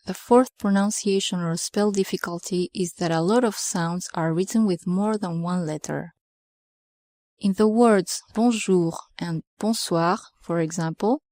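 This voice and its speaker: A woman's voice: medium pitch, darkish tone, no echo. Patient woman teaching pronunciation, dry sound. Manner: clear, patient, pronounces example words carefully. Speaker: language teacher. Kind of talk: scripted pronunciation lesson.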